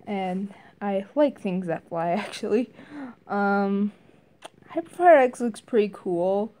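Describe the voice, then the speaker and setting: Woman, casual game reviewer; slow, mellow delivery; hesitant, filler-heavy. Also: expressive, a little hiss or hum. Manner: hesitant, many fillers and restarts; briefly mimics game character lines in higher voices.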